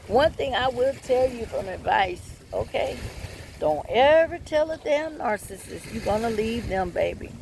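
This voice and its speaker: A woman with a fairly high voice tells her own story in a blunt, candid way. She swears freely and keeps talking straight to her viewers as she gives advice. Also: lively intonation, a little slow, gravelly, darkish tone, a little hiss or hum. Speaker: vlogger giving relationship advice.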